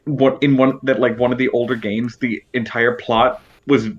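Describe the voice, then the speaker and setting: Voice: medium pitch, level tone, normal speed. Hesitant rambling voice, muffled line. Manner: hesitant, full of fillers and restarts. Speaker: stream participant. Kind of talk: casual chat on a group call. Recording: lo-fi muffled audio.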